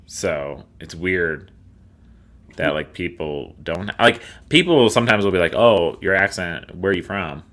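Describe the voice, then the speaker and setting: A young man in a relaxed podcast chat, with a low-pitched voice and a bright, forceful edge. He rambles loosely and laughs often, drifting off topic. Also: measured pace. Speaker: podcast co-host. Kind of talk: casual chat.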